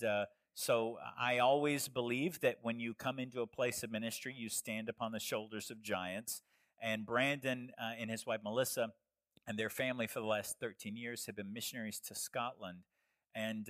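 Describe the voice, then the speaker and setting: A man's voice: mid-range voice, no room sound, studio quality. A man from Texas, a pastor introducing a guest missionary to his church, speaking with many fillers and restarts. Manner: warm halting delivery with many fillers. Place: church sanctuary.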